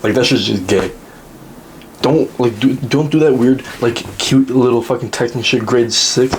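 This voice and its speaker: A man's voice: moderate pace, slight background noise. Young man ranting crudely. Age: young adult. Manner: mocking, crude, lectures the listener; mimics high whiny voices when quoting. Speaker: social media commentator. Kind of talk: direct-to-camera rant.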